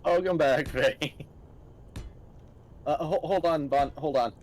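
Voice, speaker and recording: A man's voice: fairly high pitch, takes it slowly, darkish tone, a little hiss or hum. A man playing a game with friends, easygoing and laughing things off. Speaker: gaming co-player. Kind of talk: casual gaming chat.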